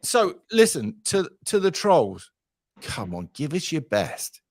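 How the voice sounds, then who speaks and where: Lively sweary man hosting a stream. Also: a little high, slow, dry recording, studio quality. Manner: sweary, chatty, rambling. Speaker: livestream host. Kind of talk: casual livestream chat.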